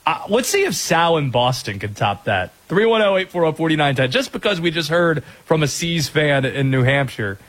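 A man's voice: a little high, animated, a bit bright. A man hosting a call-in sports radio show, upbeat and joking with callers. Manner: upbeat, joking, quick asides.

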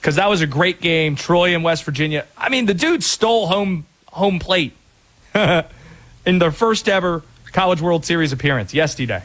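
A man's voice: a little high, expressive, moderate pace, fairly bright tone. A man hosting a sports radio talk show, upbeat and joking with callers. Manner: upbeat, joking, laughs easily.

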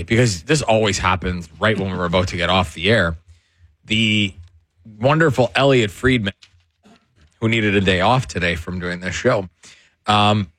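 Chatty sports radio host. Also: male voice, on the low side, fairly bright tone, no echo, studio quality. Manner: chatty, laughs while telling. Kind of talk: casual sports talk.

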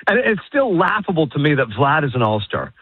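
Man, sports radio guest, slightly high, swooping voice, tinny phone sound. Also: breathy edge, dry recording. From Canada. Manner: rapid, animated, opinionated ranting. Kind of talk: casual sports radio chat. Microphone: phone call.

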